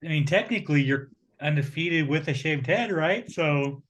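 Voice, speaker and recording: A man interviewing a fighter in a relaxed, laughing way, often repeating his phrases. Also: a little high, moderate pace. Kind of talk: casual interview.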